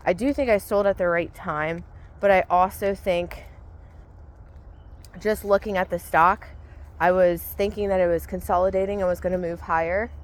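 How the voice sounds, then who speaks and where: A woman and vlogger giving a relaxed, rambling spoken gratitude list while out walking in the cold. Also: mid-range voice, low-quality recording. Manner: relaxed, rambling, thinking aloud. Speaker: vlogger and mindset coach. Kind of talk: casual spoken gratitude journal. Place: outdoors on a cold walk.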